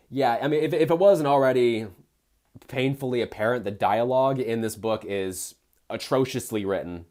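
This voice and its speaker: On his live stream, a young man reads a poorly written book out loud and ridicules the writing with exasperated sarcasm, often restarting and using fillers. His voice is medium-pitched and darkish, at a normal speed.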